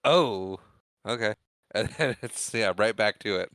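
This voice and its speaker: Man with a bright, smooth voice. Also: lowish voice, no echo. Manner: relaxed, chiming in with quick reactions. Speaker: podcast co-host. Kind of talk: casual movie chat.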